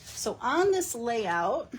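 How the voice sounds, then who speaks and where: A woman's voice: a little high, big pitch swings, very slow, a little hiss or hum. A woman hosting a casual live card-making demo, chatting and giggling with her viewers as she works.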